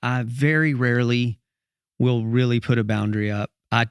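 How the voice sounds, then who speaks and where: A songwriter guest on a podcast who talks earnestly and reflectively and thinks aloud. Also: male voice, mid-range voice, fairly even intonation, moderate pace, smooth, no echo, studio quality. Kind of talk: casual interview conversation.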